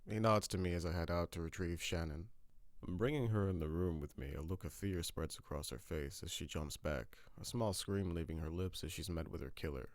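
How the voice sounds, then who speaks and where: A man with a very low, deep voice narrates a horror story in a steady, grim tone. The recording is dry and close, with no room sound. He reads it as scripted narration. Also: brisk, no room sound.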